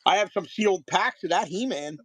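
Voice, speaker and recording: A man's voice: high-pitched, lively intonation, moderate pace, fairly bright tone, dry recording, faint music behind. A man in his thirties selling trading cards on a live stream, chatting casually in a rambling way with frequent restarts. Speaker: card seller on live stream.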